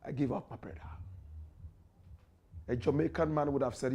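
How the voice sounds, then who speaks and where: A man's voice: medium pitch, lively intonation, moderate pace, pauses often, warm tone, breathy edge. A man from Ghana with a Ghanaian accent, hosting an opinionated commentary show and preaching directly to his listeners.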